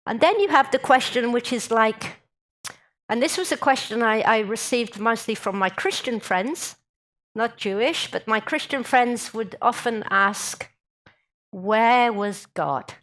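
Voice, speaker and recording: A woman's voice: a little high, a little slow, a bit bright. A woman giving a public talk, humorous and drawing the audience in with questions. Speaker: guest speaker.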